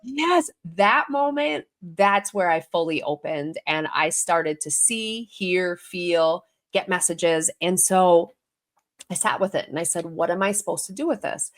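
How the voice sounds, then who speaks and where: Animated woman telling her story. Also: fairly low pitch, a little slow. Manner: animated, acts out quoted voices. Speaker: guest, intuitive healer and medium. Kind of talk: casual storytelling in a podcast interview.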